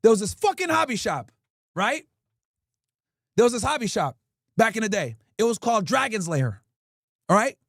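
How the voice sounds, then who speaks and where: A man in his thirties from Connecticut tells stories to his stream chat, his voice sitting high and bouncing all over the place. He talks crude and animated, and the sound is close and dry with no room around it. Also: moderate pace, pauses often, no echo. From Connecticut, USA. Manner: animated, crude, laughing storyteller. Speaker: livestreamer. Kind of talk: casual storytelling to chat.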